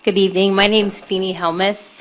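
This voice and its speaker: A woman's voice: mid-range voice, little pitch movement, a little fast, fairly bright tone. Earnest woman testifying at a hearing. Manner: earnest, pleading, grows tearful. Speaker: cigar shop owner testifying.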